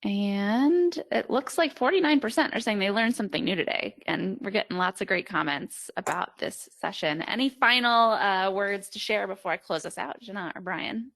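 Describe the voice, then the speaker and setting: A woman moderating a webinar over a video call, making brisk, procedural announcements. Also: medium pitch, expressive, a bit bright. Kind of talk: running a webinar.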